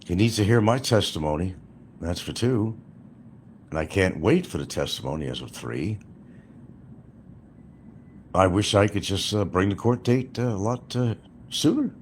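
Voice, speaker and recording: Low-voiced sarcastic ranting man. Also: sing-song, moderate pace, long pauses, a little hiss or hum. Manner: sarcastic, hammering repetition. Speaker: YouTube commentator. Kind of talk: ranting commentary.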